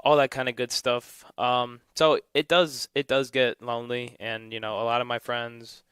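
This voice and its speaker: A man in his twenties from Illinois co-hosts a morning radio chat in a relaxed, rambling way, full of fillers. His voice is mid-pitched and smooth, and the studio mic keeps it dry and close. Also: normal speed, dry recording. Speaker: radio co-host. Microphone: studio microphone.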